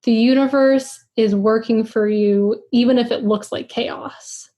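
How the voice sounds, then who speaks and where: A woman's voice: on the high side, fairly even intonation, measured pace, dark tone. A young adult woman hosting a casual podcast chat, talking reflectively and rambling with many fillers. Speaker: podcast host.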